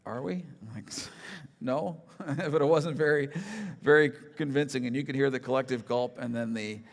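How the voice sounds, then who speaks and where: A man's voice: mid-range voice, fairly even intonation, a little fast. A middle-aged man, a pastor, preaching a conversational sermon with humorous personal stories. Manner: storytelling, self-deprecating humor, conversational. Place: church sanctuary. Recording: large hall with long reverb.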